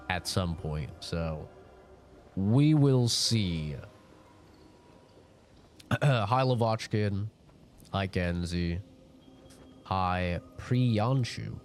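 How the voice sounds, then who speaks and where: Sick, nasal young man streaming casually. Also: lowish voice. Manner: rambling, laid-back, greets chat. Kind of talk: casual live-stream chat.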